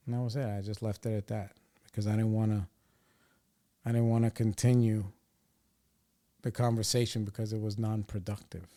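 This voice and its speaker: A man's voice: mid-range voice, normal speed, long pauses. A young adult man and podcast host telling a story in casual chat, swearing often and sounding exasperated. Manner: profane, animated, exasperated retelling.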